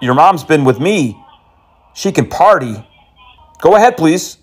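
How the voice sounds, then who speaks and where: A man's voice: a little high, big pitch swings, a little slow, husky. A man prank-calling phone scammers, teasing and mocking them and dropping in Hindi words and insults. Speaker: scam-baiting prank caller.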